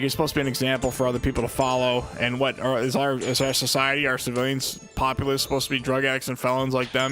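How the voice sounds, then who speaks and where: A young man streaming live, ranting casually and at length, swearing a lot and filling every pause with "you know what I mean". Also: mid-range voice, bright, forceful tone. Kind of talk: casual livestream rant.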